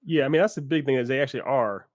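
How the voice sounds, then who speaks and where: A man co-hosting a podcast in a casual discussion, enthusiastic and animated, with some restarts. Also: medium pitch, rapid-fire, no echo, studio quality. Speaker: podcast co-host.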